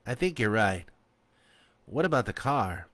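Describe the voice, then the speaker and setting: A man's voice: mid-range voice, big pitch swings, a little slow, fairly bright tone, no room sound, voice pushed up. A man voicing a guarded small-town mayor going along with the sheriff. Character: cagey middle-aged male small-town mayor.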